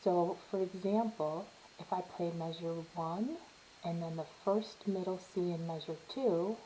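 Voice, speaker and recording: A woman with a lowish voice teaches a step-by-step piano lesson, unhurried and patient as she explains and counts beats aloud while playing. Soft piano sounds behind her, and the recording is rough with slight background noise.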